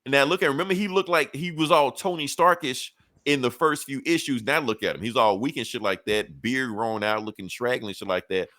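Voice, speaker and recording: A man's voice: mid-range voice, fairly quick, sharp tone, no echo, clean studio sound. A man on a podcast casually retelling a comic book story, acting out the characters' lines with profane, laid-back slang. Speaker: podcast co-host.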